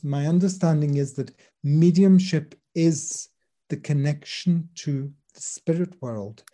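Dark-toned man explaining mediumship. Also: a little high, slow pace. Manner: earnest, explanatory, drops soft when quoting others. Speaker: spirit medium and teacher. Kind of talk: conversational interview storytelling.

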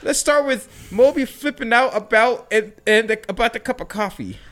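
A man's voice: extremely high pitch, moderate pace, fairly bright tone. A man directing an improv comedy scene, upbeat and coaxing.

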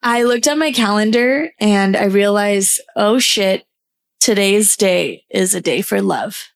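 A woman hosting a self-care podcast, guiding listeners through affirmations in a warm, encouraging, casual way. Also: medium pitch, gravelly, clean tone. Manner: slow deliberate pacing on repeated affirmations. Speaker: podcast host.

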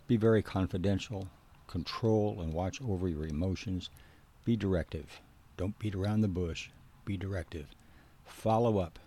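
A man with a deep, husky voice delivers a teaching talk. His tone is mellow and warm. He speaks earnestly and gives direct instructions, repeating his key points for emphasis. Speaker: biblical counseling instructor.

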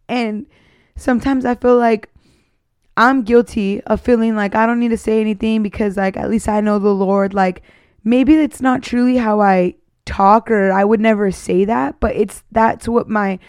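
A woman's voice: a little high, darkish tone, no room sound, clean studio sound. A woman in her twenties hosting a podcast, talking earnestly and from the heart about her faith, rambling with many fillers. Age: 20s. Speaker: podcast host. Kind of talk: casual faith testimony.

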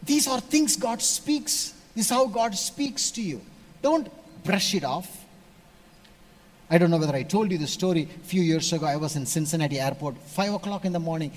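A man from India, preaching a sermon and telling stories, switching between loud emphasis and hushed asides. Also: fairly high pitch. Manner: storytelling, animated shifts between loud and hushed.

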